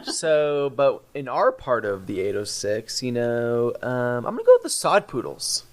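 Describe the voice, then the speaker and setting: A man's voice: mid-range voice, wildly swooping pitch, a little slow. A man hosting a church podcast, chatting casually and telling stories with rambling asides. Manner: rambling, laughs at own stories. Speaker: podcast host. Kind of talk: casual chat.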